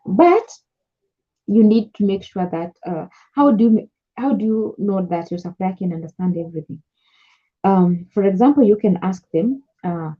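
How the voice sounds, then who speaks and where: A young Kenyan woman talks through business tips in a casual, repetitive coaching style, moving between English and Swahili. Her voice is a little husky. The recording sounds dull and lo-fi. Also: mid-range voice, normal speed, dark tone. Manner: chatty, repeats key points, mixes English with Swahili. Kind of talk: casual advice talk to camera.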